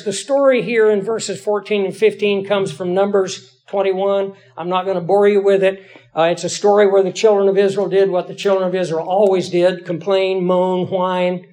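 A middle-aged male pastor with a high-pitched voice preaches a story from his own life. He keeps it folksy and conversational and pokes fun at himself. He talks to the congregation as if chatting with friends. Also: darkish tone. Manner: conversational, folksy, self-deprecating. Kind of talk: storytelling sermon.

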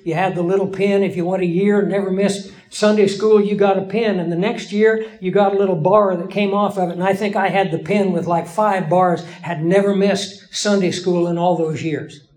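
A man lecturing a Bible class in a measured, explanatory way, with emphatic pauses. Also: high voice, fairly even intonation, a little mellow, low-quality recording. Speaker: Bible teacher.

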